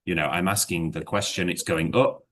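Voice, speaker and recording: Deep-voiced man teaching, rambling gently. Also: steady tone, moderate pace. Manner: rambling, hedging, full of fillers; explains with worked examples. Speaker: English exam teacher. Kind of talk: one-to-one lesson chat.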